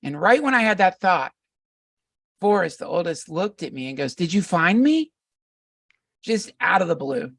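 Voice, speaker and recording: Middle-aged male guest, gravelly, reflective, restarts a lot; dry, slightly distant pickup. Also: high-pitched, lively intonation, moderate pace, fairly bright tone, no room sound. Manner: reflective, meandering, many restarts. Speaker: podcast guest. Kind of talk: casual conversation.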